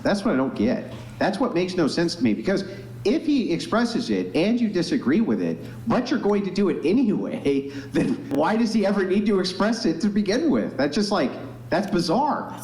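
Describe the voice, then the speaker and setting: A man's voice: fairly high pitch, sing-song, moderate pace, a little mellow. A man debating heatedly over a call, blunt and sarcastic, mocking the other side. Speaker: podcast guest debating by video call. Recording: roomy, faint noise.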